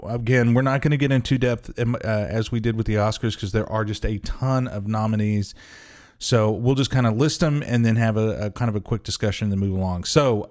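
A man co-hosting a podcast in casual chat, rambling and hesitant with many restarts, laughing easily. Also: medium pitch. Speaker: podcast co-host.

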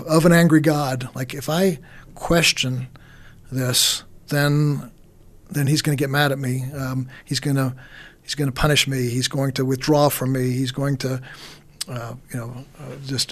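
Rambling man talking faith. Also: medium pitch. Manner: rambling, repeats words, frequent fillers. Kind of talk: casual conversation about faith.

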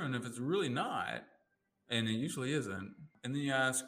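Animated man coaching in conversation. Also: moderate pace. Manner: animated, acts out quoted inner voices with jumps in pitch. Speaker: life coach and NLP practitioner. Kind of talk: casual conversational interview.

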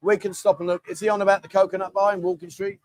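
This is a middle-aged livestream host with a high, level-toned voice who speaks in rapid-fire bursts. Chatty and matey, he reads out viewer comments on his casual stream and frequently addresses people as "mate."

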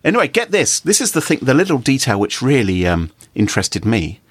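Animated, laughing male podcast co-host. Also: mid-range voice, a little fast, breathy edge, dry recording. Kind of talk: casual chat.

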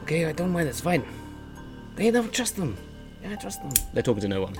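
A man voicing a forgetful, jittery tiefling trickster who stammers and swings between loud and hushed. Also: mid-range voice, sing-song, a little slow, music in the background. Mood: scatterbrained.

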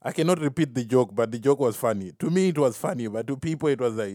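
A man's voice: mid-range voice, animated, quick pace, few pauses, mellow, no echo, clean studio sound. Rambling man laughing at his own jokes. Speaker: podcast host. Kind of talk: solo podcast rambling.

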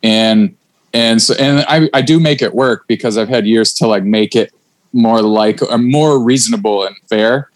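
A man's voice: mid-range voice, normal speed, no room sound. A man co-hosting a podcast, talking casually and bluntly and swearing freely. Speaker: podcast co-host.

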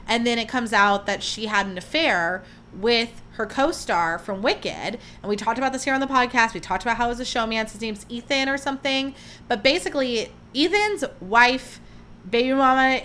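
A woman's voice: on the high side, a little hiss or hum. Chatty young woman podcast host. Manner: chatty, animated, lots of fillers. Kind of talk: casual chat.

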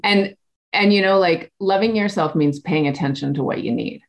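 A woman hosting a podcast interview and talking with a coach's candour. Her voice sits a little low. She swears easily and keeps checking in with "right?". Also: normal speed. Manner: candid, swears freely, many "like" and "right?". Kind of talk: casual interview.

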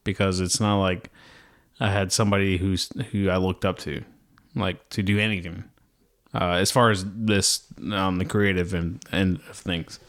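A man's voice: low voice, flat delivery, normal speed, fairly bright tone. A man chatting casually as a podcast guest, rambling with many fillers and restarts. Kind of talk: casual chat.

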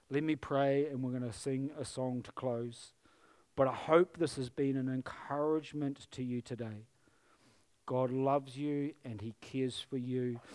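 A man's voice: mid-range voice, warm tone. A middle-aged male pastor giving an emotional, earnest sermon in church and closing in prayer, pleading with his listeners.

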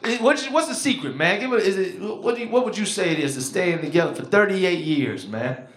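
A man's voice: sits high, a little fast. Een man van in de dertig staat op het podium van een comedyclub en vertelt luid en levendig zijn verhalen terwijl hij met het publiek praat. Zijn stem ligt vrij hoog voor een man. De opname klinkt galmend, zoals live in een zaal. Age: 30s. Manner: loud, animated storytelling with crowd work. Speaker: stand-up comedian. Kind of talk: stand-up comedy set. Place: comedy club stage. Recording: roomy live club sound. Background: audience laughter.

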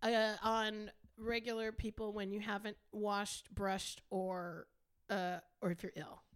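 A woman's voice: medium pitch, flat delivery, takes it slowly, clean tone. A woman co-hosting a podcast in casual, profane chat, blunt and swearing freely. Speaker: podcast co-host.

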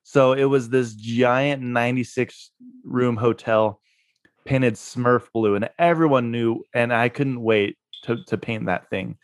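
A man's voice: medium pitch, fairly even intonation, slow, dry recording, clean studio sound. A man being interviewed, telling a story in a laid-back way and laughing at himself. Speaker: guest, real estate investor.

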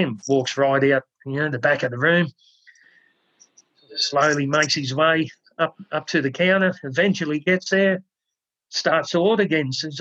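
A man's voice: fairly high pitch, moderate pace, a bit bright, slightly rough, no echo. A man co-hosting a podcast, telling a long joke in a rambling, casual way, then signing off. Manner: rambling storyteller with fillers. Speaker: podcast co-host. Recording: dull dry lo-fi.

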